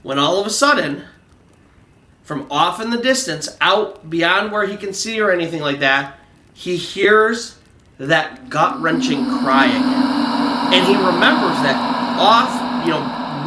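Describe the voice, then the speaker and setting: High, bright-voiced man telling a ghost story. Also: echoey room, a little hiss or hum. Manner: loose and conversational, many "you know"s. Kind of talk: narrating a true ghost story.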